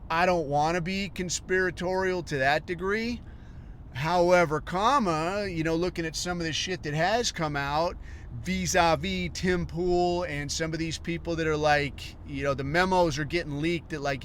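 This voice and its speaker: A rambling, profane man rants casually on his podcast, his voice sitting a bit higher than most men's. He drifts between thoughts and mocks people he talks about. A faint hiss runs under the recording. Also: moderate pace, a bit bright. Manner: rambling, profane, mocking impressions of others. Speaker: podcast host. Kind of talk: profane ranting commentary.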